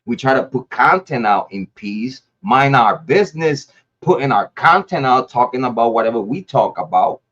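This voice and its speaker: A man's voice: medium pitch, lively intonation, moderate pace, a bit bright. A man from Ohio giving an angry, profane rant to the camera as a YouTube commentator, often stumbling and repeating words. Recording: dull lo-fi audio.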